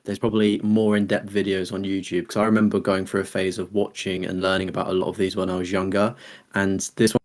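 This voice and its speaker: Chatty young man, low voice. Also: little pitch movement, fast. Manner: chatty, rambling, full of "like". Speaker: podcast co-host. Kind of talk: casual podcast chat.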